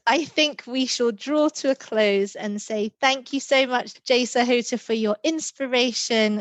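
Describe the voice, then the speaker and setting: A woman's voice: medium pitch, dry recording, rough recording. A woman hosting a podcast, thanking her guest graciously and reading a polished outro. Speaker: podcast host.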